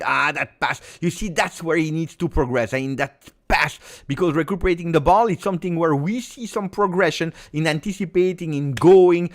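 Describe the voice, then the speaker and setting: A man giving live football reaction commentary, excitable play-by-play mixed with exclamations. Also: a little high, a little fast, few pauses. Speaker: football watch-along streamer.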